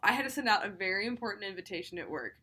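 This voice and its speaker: A young woman co-hosting a podcast, telling stories in casual chat with loud, swearing outbursts. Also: medium pitch, animated, racing, slightly rough. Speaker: podcast co-host.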